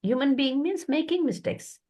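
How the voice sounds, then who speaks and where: A woman's voice: high-pitched, normal speed. A woman, a spiritual teacher giving direct, scolding advice in a guidance session. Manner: direct, scolding, lively storytelling. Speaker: spiritual teacher answering questions.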